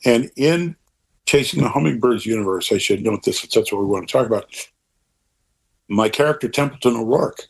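Husky older man, earnest and rambling. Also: medium pitch, brisk. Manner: earnest, rambling, animated asides. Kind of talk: interview conversation.

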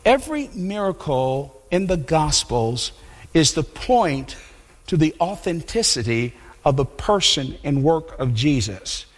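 High-voiced preacher in a reverberant hall. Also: male voice, a little slow. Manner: conversational, repeats himself, animated storytelling. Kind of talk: sermon.

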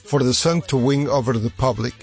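A man's voice: mid-range voice, a little fast, gravelly, soft background music. Man giving a voice-over translation. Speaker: voice-over interpreter.

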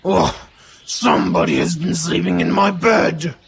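A woman voicing a big, gruff papa koala who bellows in a growly voice. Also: lowish voice, sing-song, noisy background, full character voice. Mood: grumbling. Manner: bellowing, slow and gravelly.

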